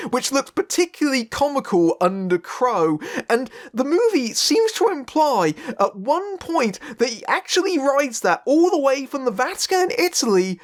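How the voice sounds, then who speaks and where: A man narrating a scripted film review in a sardonic, wry way. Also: very high voice.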